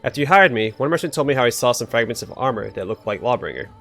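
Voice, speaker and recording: A man's voice: mid-range voice, lively intonation, quick pace, a bit bright, faint music behind. A man reading out the lines of an earnest, proud male dwarf smith in a video game, in a plain read-aloud way. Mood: grave.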